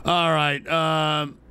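A man hosting a live radio show, shouting curses and sighing in frustration. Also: a little high, level tone, very slow, creaky, smooth. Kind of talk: angry live rant.

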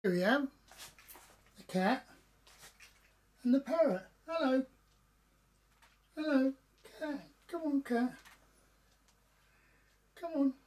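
A woman speaks slowly in a higher, mellow voice, coaxing and fond as she talks to her pets. It is a casual home video recorded indoors. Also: expressive. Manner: fond, coaxing baby-talk to animals.

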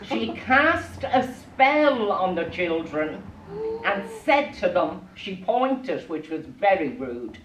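A playful woman storyteller, slow and unhurried, with a low voice that swings widely as she acts out her characters. She sounds a little away from the mic in an echoey room. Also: big pitch swings, far from the mic, noisy background. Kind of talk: live storytelling to children. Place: arts centre room with audience.

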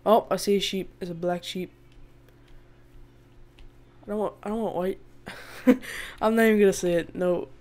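A woman's voice: mid-range voice, steady tone, moderate pace, long pauses, a little mellow. A woman giving casual, chatty let's-play commentary as she plays a survival game, laughing often and bursting out in exasperation at the animals. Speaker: gaming video host.

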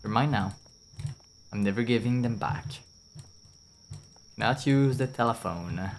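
A man's voice: mid-range voice, unhurried, slight background noise. A young man with a French accent, rambling and chatting casually as he streams a game, swearing now and then and answering his chat. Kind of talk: casual gameplay commentary.

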